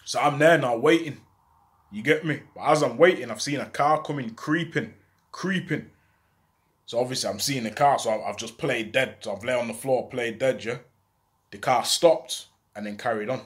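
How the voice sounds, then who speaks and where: A man telling a true story from his own life in casual, slang-heavy street talk, with an animated delivery. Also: mid-range voice, moderate pace.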